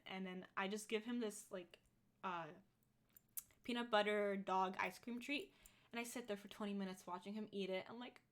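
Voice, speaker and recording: A woman's voice: mid-range voice, fairly bright tone. A woman in her twenties co-hosting a podcast, chatting casually and rambling with lots of fillers. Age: 20s. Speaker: podcast co-host. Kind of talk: casual chat.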